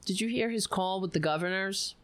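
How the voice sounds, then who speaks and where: A woman's voice: mid-range voice, fairly quick, slight background noise. A woman hosting a livestream, ranting about politics on a close mic, profane and sarcastic. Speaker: livestream host. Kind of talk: casual political rant.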